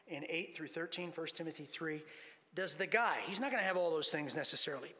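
A man's voice: a little high, pushed and bright. A man preaching a sermon to a congregation, teaching lessons from scripture and reading passages aloud. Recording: long hall reverb.

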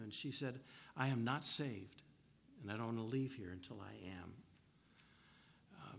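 A man's voice: mid-range voice, creaky, sharp tone, in a large hall. A man preaching a sermon, telling a personal story in a folksy, anecdotal way.

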